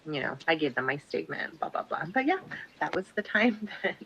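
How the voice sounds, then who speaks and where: Low-voiced woman retelling an indignant story. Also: sing-song, brisk, vocal fry, fairly bright tone, breathy edge, low-quality recording. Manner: matter-of-fact, indignant retelling. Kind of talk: personal storytelling.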